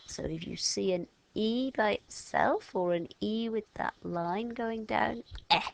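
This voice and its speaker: A woman with a medium-pitched voice and vocal fry teaches a children's French phonics lesson step by step. She's patient and slow, modelling each sound aloud and stretching the words out.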